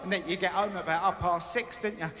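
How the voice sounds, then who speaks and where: A man's voice: sits high, fairly even intonation, fast. A man doing a stand-up comedy routine on stage, acting out his own panic as he tells a story. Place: live comedy stage in a big hall. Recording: live hall recording with loud crowd noise.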